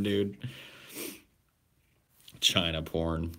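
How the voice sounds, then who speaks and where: A man in his thirties, a podcast host, answering viewer questions in blunt, profane, deadpan casual chat. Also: deep voice, very slow, pauses often. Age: 30s.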